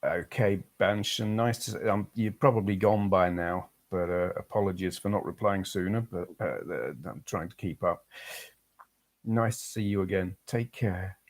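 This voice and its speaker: English man, very low voice, rambling casual stream chat, reads comments aloud. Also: normal speed.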